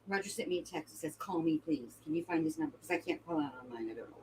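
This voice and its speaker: A woman's voice: low voice, expressive, quick pace, a little mellow, breathy edge. A woman making brief, apologetic asides while interrupting a recording.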